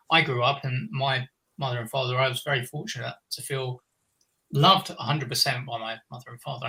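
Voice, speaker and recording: Male interview guest, bright timbre, earnest, looping reflective talk with frequent restarts. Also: medium pitch, low-quality recording. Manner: earnest, meandering, many restarts. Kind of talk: reflective conversation.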